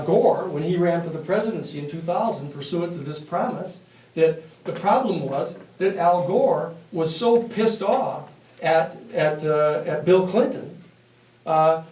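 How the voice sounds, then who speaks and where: A man lecturing a university class, telling stories in a blunt, animated and profane way. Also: high voice, slight background noise. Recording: echoey classroom from a distance.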